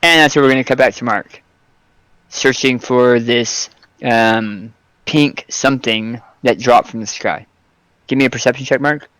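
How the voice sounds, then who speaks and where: Guy gm-ing a tabletop game, lots of ums, smooth clear voice, dry close mic. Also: medium pitch, measured pace, a bit bright, dry recording. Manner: hesitant, lots of ums and restarts. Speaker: game master.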